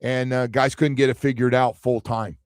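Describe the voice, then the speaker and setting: Male sports radio host, mid-pitched, dry studio mic, lively storyteller who acts out quotes. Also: normal speed, clean tone, dry recording. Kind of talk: casual sports talk.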